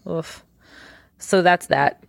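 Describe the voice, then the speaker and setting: A woman's voice: fairly low pitch, fairly even intonation, slow pace, vocal fry, no echo, clean studio sound. A young woman co-hosting a podcast in casual movie-review chat, teasing and laughing often. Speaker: podcast co-host.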